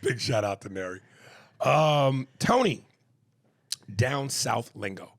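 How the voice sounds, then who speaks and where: A man with a New York accent co-hosting a comedy podcast, talking in profane, animated banter and reading listener messages aloud. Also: mid-range voice, slow pace, gravelly. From East Coast of the US. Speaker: podcast co-host.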